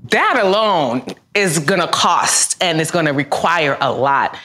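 A woman's voice: deep voice, animated, measured pace, sharp tone. A woman guest speaking reflectively and earnestly about faith, often restarting her sentences. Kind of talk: faith talk conversation.

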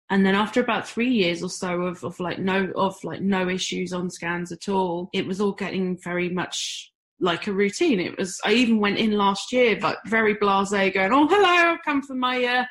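A middle-aged woman from the UK, talking candidly as an interview guest, with self-deprecating humor. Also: mid-range voice. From United Kingdom. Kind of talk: conversational interview.

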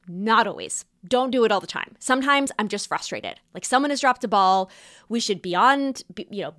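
A young adult woman hosting a podcast, talking in a chatty, animated way with quick asides. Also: a little high, no room sound, clean studio sound. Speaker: podcast host and style teacher. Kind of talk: casual podcast monologue.

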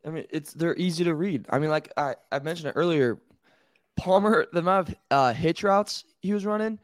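A man's voice: brisk, no echo, clean studio sound. A man co-hosting a sports podcast, talking animatedly and incredulously. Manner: animated, incredulous, jumps up in pitch. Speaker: podcast host. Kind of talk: casual sports talk.

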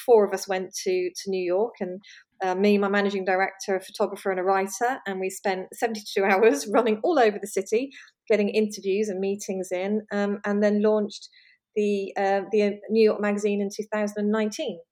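A woman, a magazine editor, talking in a relaxed interview, laughing often and restarting her sentences. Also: mid-range voice, a little fast. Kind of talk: conversational interview.

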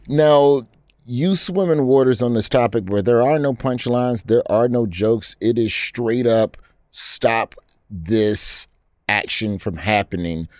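A man's voice: medium pitch, slow pace, a little mellow, no echo, studio quality. A man, a stand-up comedian, joking in a casual chat with a mock-offended, playful manner.

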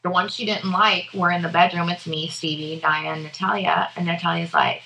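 A woman co-hosting a relaxed podcast, spinning a family story in loose, profane chat. Her voice is bright and forward, and she keeps pulling her listener in as she talks. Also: fairly low pitch, moderate pace, vocal fry, few pauses, rough recording. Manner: profane, animated storyteller who laughs often. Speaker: podcast co-host.

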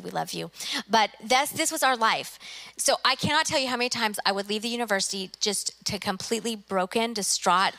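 Bright-voiced woman preaching a sermon. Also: medium pitch. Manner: earnest, acts out her own prayers. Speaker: guest preacher, university president. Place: church sanctuary.

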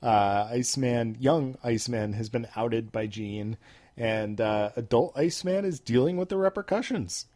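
A man's voice: mid-range voice, moderate pace, mellow. A man co-hosting a casual podcast, teasing his partner and laughing often. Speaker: podcast co-host.

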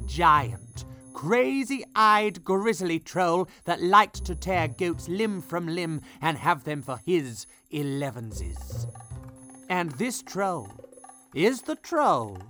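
A man tells a comic children's story in a playful, expressive way. He takes his time, and his pitch swoops widely from line to line. Quiet music runs underneath.

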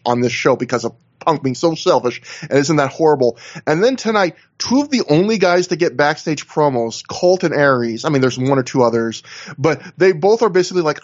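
A man's voice: medium pitch, lo-fi sound. A man co-hosting a casual wrestling podcast over a video call, recapping at length and acting out what others said. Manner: rambling, animated recaps with acted-out quotes. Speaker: podcast co-host.

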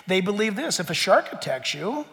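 High-pitched bright-voiced pastor preaching in a hall. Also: male voice, big pitch swings, moderate pace. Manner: emphatic, rising to near-shouts then dropping low. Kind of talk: sermon. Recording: long hall reverb.

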